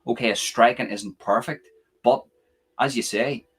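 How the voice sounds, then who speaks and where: A man's voice: mid-range voice, unhurried, fairly bright tone. A young man hosting a live fight reaction stream, rambling chattily with lots of fillers and casual swearing.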